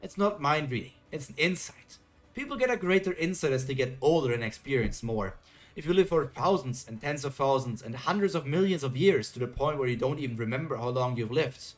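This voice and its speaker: A man reading aloud as an ancient, lonely male magician, speaking gently and reflectively. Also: medium pitch, expressive, a little fast, soft background music, close to an everyday voice. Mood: gentle. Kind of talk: reading comic dialogue aloud.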